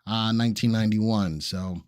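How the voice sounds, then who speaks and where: A Brooklyn, New York man hosts a casual stock-analysis livestream, greeting viewers in an upbeat, jokey way. His voice is on the low side at a moderate pace, recorded in studio quality with no echo.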